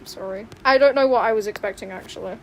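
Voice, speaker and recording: A young woman chatting on a livestream while she draws, excitable and rambling, often squealing and laughing. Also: mid-range voice, fast, vocal fry, slight background noise. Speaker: livestreaming artist. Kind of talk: casual stream chat while drawing. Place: home room with open window.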